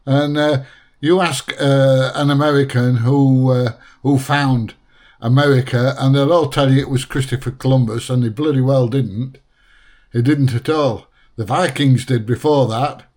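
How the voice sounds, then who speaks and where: A man's voice: mid-range voice, fairly even intonation, unhurried, a little mellow. A man hosting a reaction video, chatty and blunt with a lot of laughter. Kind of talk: reaction commentary.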